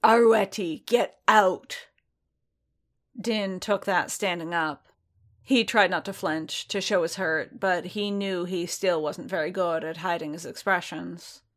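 A woman reading fiction aloud in an even, measured narration. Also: on the low side. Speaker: reader.

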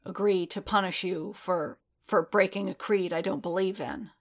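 A woman's voice: mid-range voice, steady tone, normal speed, lightly acted. A woman voicing a blunt, guarded adult male warrior who speaks in clipped, direct lines. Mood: earnest.

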